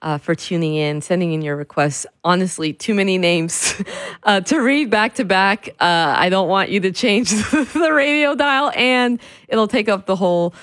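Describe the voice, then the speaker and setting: A woman's voice: mid-range voice, normal speed, no echo, clean studio sound. A woman radio host chatting casually between songs in a loose, laughing way.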